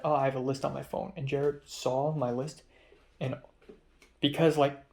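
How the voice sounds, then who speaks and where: A man's voice: a little high, darkish tone. A young adult man talking casually to camera in a vlog diary, rambling and correcting himself as he tells stories about his day. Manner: rambling, self-correcting storyteller. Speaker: vlogger.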